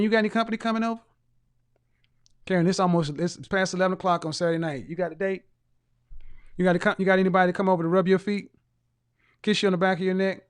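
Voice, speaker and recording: A man's voice: high voice, smooth. Mocking man hosting a live stream. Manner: mocking, teasing rhetorical questions, bursts of laughter. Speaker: host reading viewer comments.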